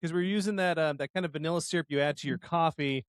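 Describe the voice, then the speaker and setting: A man co-hosting a casual podcast, animated and laughing often as he acts out scenes. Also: a little high, fast, smooth, no room sound. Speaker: podcast co-host.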